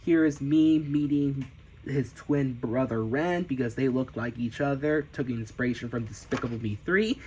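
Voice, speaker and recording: Excitable man giving a sketchbook tour. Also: mid-range voice, moderate pace, slightly rough, low-quality recording. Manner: excitable, gasps and cheers, frequent restarts. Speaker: amateur cartoonist showing his sketchbook. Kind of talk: casual sketchbook tour narration.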